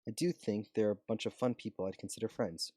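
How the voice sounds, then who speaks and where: A man's voice: lowish voice, fast, a little mellow, slightly rough, no echo, studio quality. A man voicing a friendly, curious young man in a read-aloud story.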